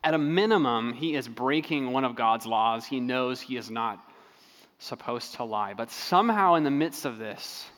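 Man, preacher, sermon, conversational, halting restarts, medium pitch, reverberant hall. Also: animated, fairly bright tone. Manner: conversational storytelling with frequent fillers and restarts. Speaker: pastor.

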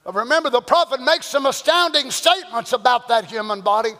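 An impassioned male preacher delivers a sermon in a high, bright voice that swings between shouts and hushed tones. He speaks slowly, and a long hall reverb trails each phrase. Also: animated.

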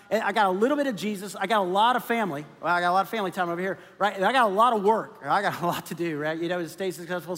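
A man with a very high voice delivers a conversational sermon, often tossing "right?" back to the congregation. His words ring out with a long hall reverb behind them. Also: fairly bright tone. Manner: conversational preaching, keeps asking "right?". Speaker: pastor.

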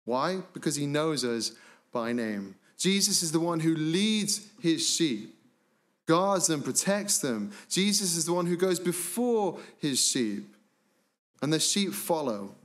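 A man preaching a sermon as pastor, emphatic, slowing down and dropping low and quiet on key words. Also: big pitch swings. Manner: slows down to stress phrases.

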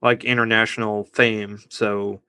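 A man's voice: lowish voice, little pitch movement, measured pace, sharp tone, smooth, no echo. A man co-hosting a casual movie review podcast, rambling and laughing at his own jokes. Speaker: podcast co-host.

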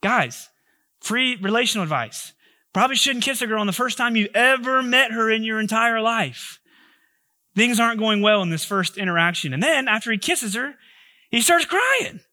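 A man's voice: high voice, normal speed, pushed and bright, dry recording, studio quality. A male pastor giving a sermon in a humorous, conversational way with joking asides.

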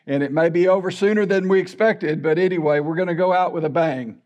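An older pastor preaches in a high, bright-pitched voice. He talks in a folksy, candid, humorous storytelling way. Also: fairly quick, lo-fi sound. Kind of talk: sermon.

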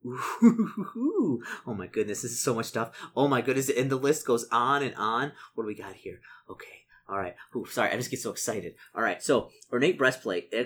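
A man playing a solo tabletop adventure, reading out the rules and shop lists and doing his sums aloud, easily excited. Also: mid-range voice, slight background noise. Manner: excitable, muttering calculations. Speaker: solo tabletop game player. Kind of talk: casual narration of a solo gamebook.

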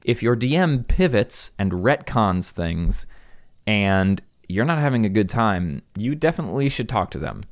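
Male podcast host, young adult, lowish voice, loose filler-heavy delivery, dry home recording. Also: very animated, measured pace, no room sound. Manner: casual, rambling, many fillers. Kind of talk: solo podcast chat. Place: room in his house. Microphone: studio microphone.

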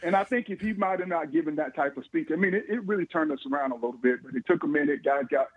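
A man, a former football player telling animated stories in an interview, chuckling often. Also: a little high, fast talker, husky, dry recording. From Georgia, USA. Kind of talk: storytelling interview. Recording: phone-like line, dry.

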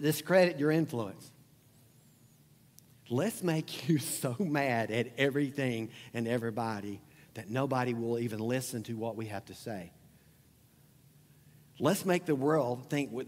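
A man preaching a sermon as pastor, talking in a conversational, emphatic way and repeating phrases. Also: mid-range voice. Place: church sanctuary. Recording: long hall reverb.

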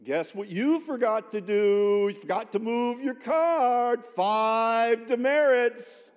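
A man's voice: very high-pitched, slow pace, clear, resonant tone, pitched above the performer's own voice. A man voicing a smug young male college roommate who enforces petty rules in a taunting sing-song. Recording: long chapel reverb.

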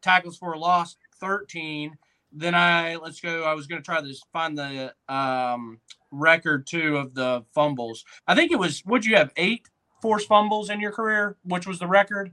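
Bright-voiced excitable podcast host. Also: male voice, on the high side. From Tennessee, USA. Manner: excitable storyteller, quick asides. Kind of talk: casual sports podcast chat.

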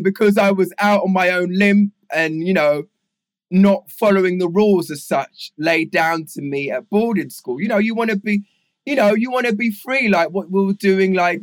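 Middle-aged man, london accent, rambling storyteller, fairly high voice, dry close sound. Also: no room sound. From England. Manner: rambling, animated storyteller with many fillers. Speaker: guest. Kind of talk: casual interview storytelling.

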